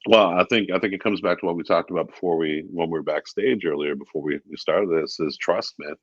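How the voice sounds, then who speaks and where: A man talking as a guest in a casual interview, relaxed and chatty with many fillers. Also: deep voice, fairly quick, no echo, highs cut off. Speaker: guest, VP of sales.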